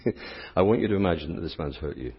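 A man's voice: low voice, animated, fast, husky. A middle-aged English priest giving a playful, interactive sermon and teasing his volunteers. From England. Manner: playful, teasing, chatty with the congregation. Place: church. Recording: dull lo-fi sound with long church reverb.

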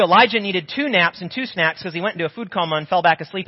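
A man preaching a sermon as pastor, telling a Bible story with animated, acted-out voices. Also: sits high, fast, few pauses. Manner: animated storytelling, acts out biblical figures' voices. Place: church sanctuary. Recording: muffled audio in a reverberant church.

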